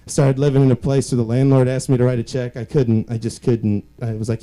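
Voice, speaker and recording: Young male stand-up, dark mellow tone, self-mocking storyteller. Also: mid-range voice, level tone, quick pace, rough recording. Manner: self-deprecating, rambling storytelling. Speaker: stand-up comedian. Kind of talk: stand-up set.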